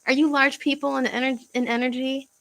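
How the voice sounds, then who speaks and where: A young woman chatting casually on a livestream from home, halting and searching for words, with frequent fillers and sighs. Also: sits high, flat delivery, creaky, fairly bright tone, poor audio. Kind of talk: casual livestream chat reading comments.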